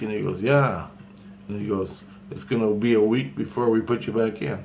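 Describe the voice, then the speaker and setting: Gravelly man rambling through a story. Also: lowish voice, moderate pace, a little mellow, a little hiss or hum. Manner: rambling, with many restarts and quoted dialogue. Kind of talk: casual storytelling monologue.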